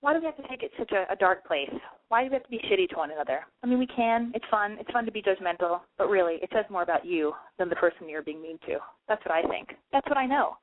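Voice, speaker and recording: A woman's voice: mid-range voice, lively intonation, fast talker, phone-quality sound, a little hiss or hum. A woman hosting a call-in podcast from her apartment, talking in a frantic, self-mocking way and swearing freely. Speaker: podcast host taking calls. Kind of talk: casual call-in podcast chat.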